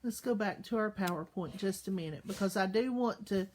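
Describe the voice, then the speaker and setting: A woman's voice: medium pitch, a little mellow, slight background noise. A woman teacher giving a recorded lesson to young children, patient and full of questions. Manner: slow, patient, asks questions and checks in with "okay?".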